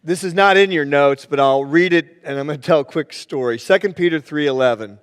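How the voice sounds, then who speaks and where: A man preaching from the pulpit with a notably high voice. His sermon rings through a church sanctuary with a long reverb tail, and he moves easily into storytelling, acting out the people in his stories. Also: a little fast, clean tone. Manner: storytelling, plays the joke with voices. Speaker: pastor.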